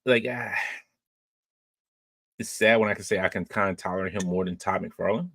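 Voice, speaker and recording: A man hosting a podcast, casually reading and answering live chat comments in a relaxed, rambling way with many fillers and restarts. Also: low voice, normal speed, no room sound.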